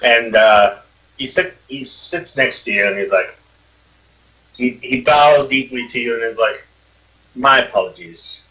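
A man narrating a tabletop game as game master, halting and full of fillers. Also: medium pitch, sharp tone, poor audio.

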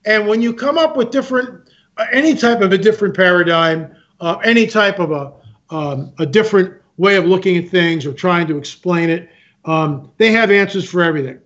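A man's voice: high-pitched, fairly quick, fairly bright tone. A man speaking as a guest, telling stories with emphasis, repeating himself and acting out other people's lines. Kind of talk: animated storytelling talk. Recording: muffled lo-fi sound.

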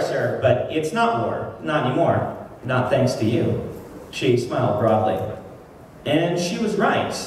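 A man with a slightly high, darkish voice is an author at a convention session, first chatting casually with many fillers and then reading his fiction aloud. The sound is distant and echoey, as in a convention hall, with faint noise.

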